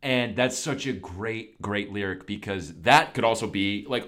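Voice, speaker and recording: A man's voice: mid-range voice, big pitch swings, normal speed, few pauses, a bit bright. A man co-hosting a music podcast in casual chat, enthusiastic and agreeable, often chiming in with short affirmations. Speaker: podcast co-host.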